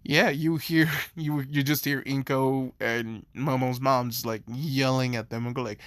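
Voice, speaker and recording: A young man telling a fan story in a rambling, casual way at a middle pitch. He's recorded close up and dry, with no room sound. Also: steady tone, a little slow, no echo. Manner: rambling, filler-heavy.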